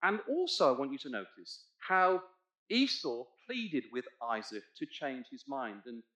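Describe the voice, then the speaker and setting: A man's voice: medium pitch, big pitch swings, unhurried. Emphatic male preacher in an echoey church. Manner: expository, asks congregation to look in their Bibles; emphatic, swells loud on key points. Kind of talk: sermon.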